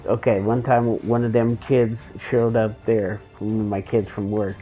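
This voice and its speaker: A man's voice: fairly low pitch, little pitch movement, a little slow, dark tone, highs cut off, faint music behind. A man streaming a game and telling rambling, joking anecdotes in a loose, profane, casual way. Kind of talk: casual storytelling while gaming.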